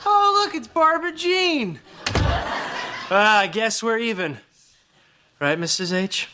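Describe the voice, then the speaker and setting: A goofy young guy who teases in a slow, drawn-out way. His voice is high and very lively in pitch. A clear hiss sits underneath. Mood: teasing. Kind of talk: sitcom acting.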